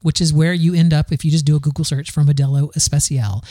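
A man's voice: on the high side, fairly even intonation, fast, dark tone, no echo, studio quality. Rambling sarcastic male podcast host. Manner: rambling, sarcastic, many fillers and restarts. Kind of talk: casual news commentary.

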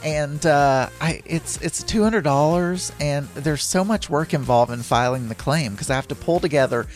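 A man's voice: a little high, moderate pace, soft background music. A man hosting his own podcast, chatting casually in a rambling way and laughing easily as he talks from home. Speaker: podcast host. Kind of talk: casual solo podcast monologue.

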